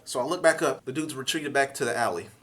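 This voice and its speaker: A young man telling a comic story in an animated, profane way, acting out voices. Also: mid-range voice, quick pace.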